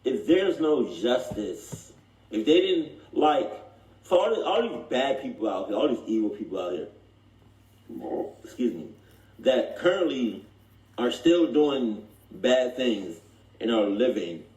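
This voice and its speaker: A man's voice: medium pitch, sing-song, a little mellow. Rambling man in an echoey room. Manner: rambling, halting, restarts often. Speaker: reaction video co-host. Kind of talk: casual chat.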